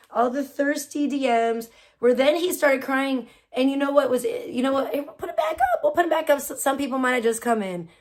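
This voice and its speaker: Woman, high voice, livestreamer, profane casual rant, laughing, mocking.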